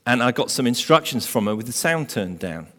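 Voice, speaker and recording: A man preaching a sermon as pastor, emphatic, building to loud stressed phrases. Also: medium pitch, big pitch swings, a little fast. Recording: long hall reverb.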